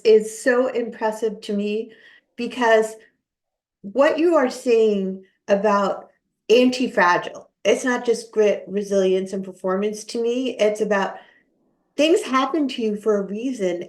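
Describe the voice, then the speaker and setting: A woman hosting an interview podcast, answering with warm, affirming replies. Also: medium pitch, a little slow. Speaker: podcast host. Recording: echoey room.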